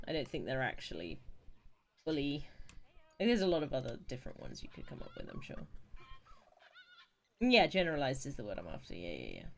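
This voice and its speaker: A woman's voice: a bass voice, wildly swooping pitch, brisk, creaky, long pauses. A young woman from England chatting casually on a live stream while playing, reacting to chat messages and laughing often.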